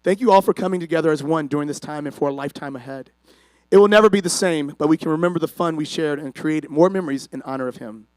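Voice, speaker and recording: A man's voice: on the high side, no room sound, low-quality recording. Man giving an earnest memorial tribute. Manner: earnest, emotional, measured reading. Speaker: eulogy speaker, brother. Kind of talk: prepared memorial speech.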